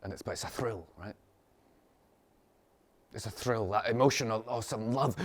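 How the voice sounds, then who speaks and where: A man teaching meditation in a casual, rambling way, repeating phrases, chuckling often and mimicking people in sudden high voices. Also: moderate pace, pauses often. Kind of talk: informal spiritual talk.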